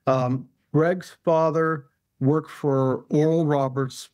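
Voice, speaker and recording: A man's voice: fairly high pitch, steady tone, slow pace, a little mellow, no room sound, clean studio sound. A male author, a guest in an interview, telling a long anecdote casually with many fillers and restarts.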